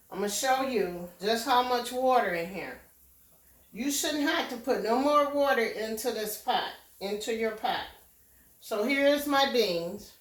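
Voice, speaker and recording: A woman's voice: on the high side, far from the mic. A woman giving a casual home cooking demonstration, walking through each step in a homey way and often checking in with "okay?". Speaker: home cook. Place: home kitchen. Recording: echoey kitchen, voice from away from the mic.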